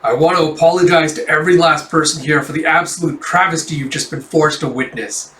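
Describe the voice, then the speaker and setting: A man's voice: a little high, fairly even intonation, a little fast, fairly bright tone, lightly acted. A man reading the lines of a grumpy old storytelling master who speaks in curt, dismissive, formal sentences. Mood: cold. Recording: roomy, distant mic.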